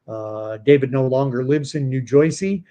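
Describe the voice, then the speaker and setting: A man's voice: medium pitch, moderate pace, dark tone. A man in his fifties from Canada, hosting a casual livestream and talking in a rambling, digressive way with many fillers and restarts. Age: 50s. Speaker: livestream host.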